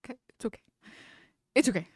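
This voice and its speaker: A woman's voice: fast talker, a little mellow, no room sound, clean studio sound. A woman streamer chatting casually as she reacts to a video, rambling with many fillers and nervous laughs.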